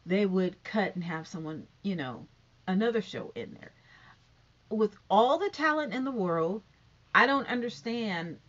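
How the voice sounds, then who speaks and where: A woman's voice: mid-range voice, a little slow. A woman rambling through a casual opinion vlog about a talk show, full of fillers and asides. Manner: rambling, animated, many fillers. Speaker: YouTuber commenting on a talk show. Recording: dull lo-fi recording.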